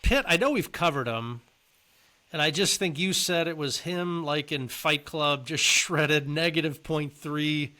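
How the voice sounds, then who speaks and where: A man's voice: on the high side, unhurried, pushed and bright. A man co-hosting a casual podcast chat, conversational and often putting questions to his partner. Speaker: podcast co-host.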